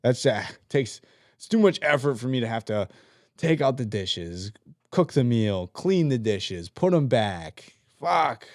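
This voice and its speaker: A man's voice: mid-range voice, sing-song, a little slow, a little mellow, no room sound, clean studio sound. Profane ranting man on a podcast. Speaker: podcast co-host; team leader at work. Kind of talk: casual chat.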